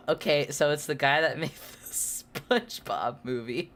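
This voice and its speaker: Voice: medium pitch, big pitch swings, measured pace, hardly any pauses, fairly bright tone, faint music behind. A streamer chatting casually with viewers and reading aloud, laughing often and stumbling over words. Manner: self-deprecating, chats with viewers.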